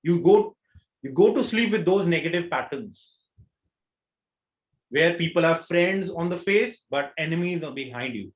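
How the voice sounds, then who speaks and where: A man's voice: fairly high pitch, expressive, measured pace, pauses often. A man with an Indian accent, a coach giving an online workshop in an earnest manner, often asking the listeners rhetorical questions. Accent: Indian English. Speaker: law of attraction coach. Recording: roomy, dull lo-fi webinar audio.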